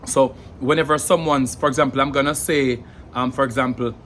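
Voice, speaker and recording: A Jamaican man giving an earnest spoken explanation, pausing often to search for words and sounding out examples. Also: mid-range voice, steady tone, fairly bright tone, a little hiss or hum. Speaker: language educator. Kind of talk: explanatory monologue.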